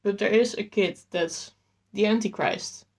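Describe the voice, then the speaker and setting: Woman, book vlogger, casual chat, enthusiastic, rambling, mellow tone. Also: a little slow. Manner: enthusiastic and rambling, with lively jumps in pitch. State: slightly out of breath.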